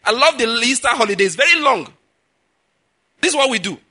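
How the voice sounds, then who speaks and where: Male pastor, middle-aged, high and sharply bright voice, emphatic sermon delivery. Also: big pitch swings, fairly quick. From Nigeria. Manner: emphatic, rises in pitch and volume to stress points.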